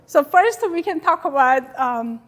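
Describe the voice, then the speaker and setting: A guest lecturer, a Korean woman with a high voice, speaks a little slowly to a club audience in a chatty, animated manner as she walks through her slides. She sounds warm and talkative, and her English carries a Korean accent and loose, non-native grammar.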